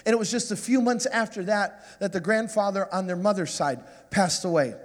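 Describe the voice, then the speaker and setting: A man in his forties, a guest preacher telling a self-mocking, animated story in a sermon. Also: high-pitched, moderate pace, long reverb tail.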